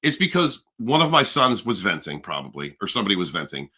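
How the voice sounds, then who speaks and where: A man hosting a casual livestream chat, animated and profane, rambling with restarts. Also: fairly low pitch, quick pace, husky. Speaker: livestream host.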